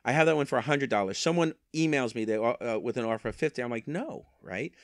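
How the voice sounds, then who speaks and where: A man's voice: medium pitch, fast, dry recording, studio quality. Chatty man rambling about resale sales. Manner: chatty, rambling, wry self-mocking asides. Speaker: eBay reseller. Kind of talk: casual vlog monologue. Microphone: handheld microphone.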